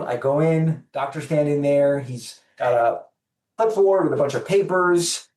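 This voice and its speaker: A man's voice: fairly high pitch, a little slow. Guy telling a story on a podcast, acts out the dialogue, sounds kinda far off in an echoey room. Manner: animated storyteller acting out dialogue. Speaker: podcast guest. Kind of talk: storytelling in an interview.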